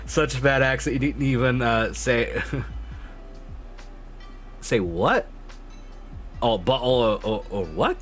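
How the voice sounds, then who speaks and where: A man's voice: mid-range voice, lively intonation, slow pace, long pauses, fairly bright tone, soft background music. A man streaming live, chatting casually with his viewers, swearing freely and laughing often.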